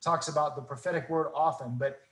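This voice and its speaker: A man telling faith stories in casual talk, earnest and animated, acting out the dialogue. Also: on the high side, a little fast, reverberant, rough recording. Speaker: guest.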